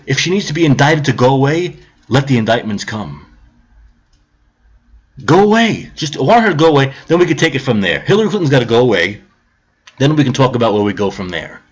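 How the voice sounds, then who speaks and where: A man's voice: medium pitch, big pitch swings, normal speed, long pauses, breathy edge. A man ranting on a live stream about politics, heated, sarcastic and profane, repeating his points.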